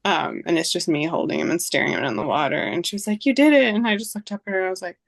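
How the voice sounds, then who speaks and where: A woman's voice: lowish voice, sing-song, rapid-fire, creaky, fairly bright tone, no echo. A woman in her thirties, a podcast guest, recounting a personal story in casual chat, acting out dialogue with lots of fillers.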